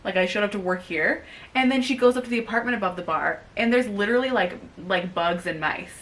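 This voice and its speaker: Bright-voiced young woman ranting casually. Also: mid-range voice, brisk. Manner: rambling, filler-heavy, animated ranting. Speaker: co-host. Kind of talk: casual book review chat.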